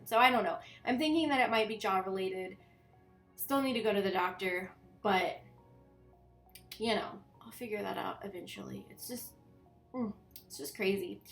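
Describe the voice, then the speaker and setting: A woman's voice: mid-range voice, a bit bright. Young woman, congested nasal voice, chatty rambling vlog voiceover, roomy sound, faint music behind. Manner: rambling, chatty, many fillers. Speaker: vlogger. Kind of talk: casual voiceover chat.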